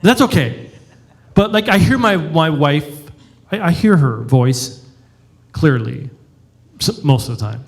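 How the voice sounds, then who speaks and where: A man's voice: on the high side, animated, slow pace, pauses often. A middle-aged male pastor giving a conversational sermon and joking with his congregation.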